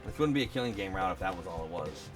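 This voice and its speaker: Fast-reading man over game music. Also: sits low, expressive. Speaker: let's play host. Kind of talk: reading game text aloud with asides.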